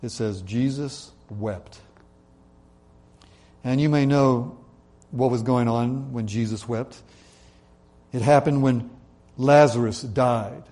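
A man preaching a sermon in an earnest way, slowing down and dropping his voice to stress key points. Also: medium pitch, dark tone. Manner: earnest, slows and drops his voice for emphasis. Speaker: pastor.

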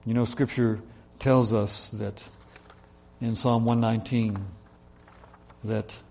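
A man preaching a sermon in an earnest way, slowing down and dropping his voice to stress key points. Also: mid-range voice, level tone, creaky, a little mellow. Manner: earnest, slows and drops his voice for emphasis. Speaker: pastor.

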